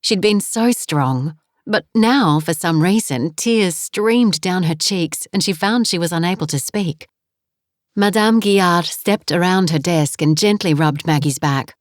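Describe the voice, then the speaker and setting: A woman narrating a romance audiobook in a calm, measured reading. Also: lowish voice, dry recording. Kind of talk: scripted narration. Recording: dry close studio voice.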